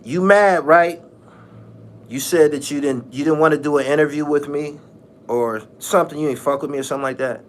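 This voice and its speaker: A man rants casually on his own channel in a mocking tone, repeating phrases and laughing often. His voice is fairly high and he talks a little fast.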